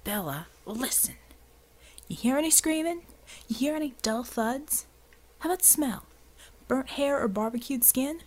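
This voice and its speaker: A woman reading a gruff, blunt soldier with folksy slang. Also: high-pitched, lively intonation, unhurried, pauses often, pitched above the performer's own voice. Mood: persuasive. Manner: drawling slang, wry and impatient. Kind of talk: audiobook character voice.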